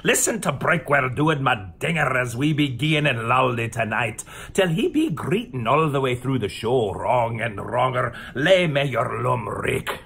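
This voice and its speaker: A man's voice: mid-range voice, animated, a little slow, creaky, hardly any pauses, fairly bright tone, slightly rough, heavily acted. A man putting on a hammy mock-Scottish brogue. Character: exaggerated mock-Scottish man, boastful show opener.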